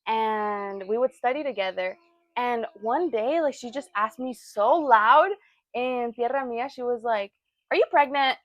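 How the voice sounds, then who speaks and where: Animated young woman telling stories. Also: a little high, unhurried, no echo, dull audio. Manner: animated storytelling, acts out quotes. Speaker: podcast co-host. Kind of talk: casual chat.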